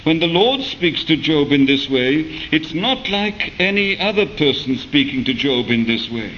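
A man preaching a sermon, speaking in a measured way with rhetorical questions and occasional hesitations. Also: fairly high pitch, very animated, fairly bright tone, muffled recording, a little hiss or hum.

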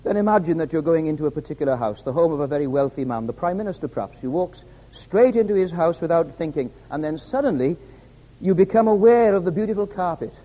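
Man preaching, fairly high voice, emphatic and repetitive, long reverb of a hall, dull lo-fi sound. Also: animated, fast. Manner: emphatic, repeats words for stress. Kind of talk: sermon.

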